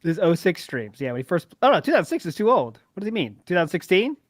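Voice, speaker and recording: A man's voice: sits high, sing-song, quick pace, no room sound. A man hosting a casual livestream podcast, reading out tips and chat messages and laughing along. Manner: reads chat tips, laughs easily, hedging. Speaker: host.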